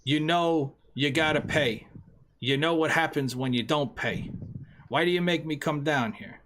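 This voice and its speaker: A man doing a cold mob enforcer. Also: a little slow. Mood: threatening. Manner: low, hushed menace. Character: menacing male mob enforcer, cold and threatening.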